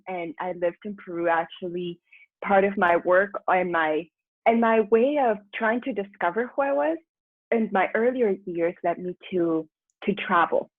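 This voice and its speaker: A woman with a husky, breathy voice tells her story chattily on a remote call, quick to laugh and voicing her own old thoughts aloud. The sound is thin and phone-like, bone dry with no room around it. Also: mid-range voice, no room sound. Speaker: guest, personal transformation mentor. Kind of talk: candid storytelling interview.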